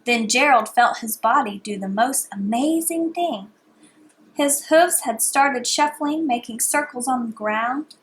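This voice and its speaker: A mother reading bedtime stories aloud to her baby in a soft, hushed, sing-song manner. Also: fairly high pitch, unhurried, a little hiss or hum.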